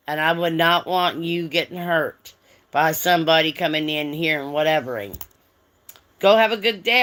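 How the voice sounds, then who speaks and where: A woman with a low voice hosts a casual livestream chat and talks bluntly and straight to her viewers. She sounds tired and yawns now and then. Her speech is slow and unhurried. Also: fairly bright tone. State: tired, yawning. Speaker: livestream host.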